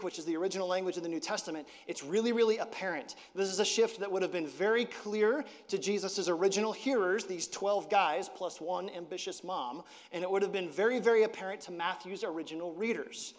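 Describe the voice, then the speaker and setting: A man preaches in a loose, conversational way. His fairly high voice jumps up in pitch and force when he acts out quoted lines. His voice rings out in a church sanctuary with a long reverb tail. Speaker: pastor. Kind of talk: sermon.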